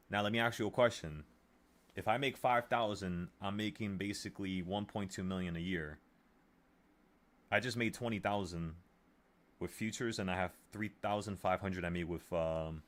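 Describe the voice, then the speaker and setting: A young man with a lowish voice talks straight to his viewers about trading money. He runs through the numbers out loud, blunt and pumped up, in casual everyday speech. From New York. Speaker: trading vlogger.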